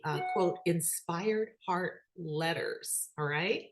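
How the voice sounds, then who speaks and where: A middle-aged woman telling a story in a talk, animated and acting out the dialogue, with many ums and uhs. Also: on the low side, takes it slowly. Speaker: speaker.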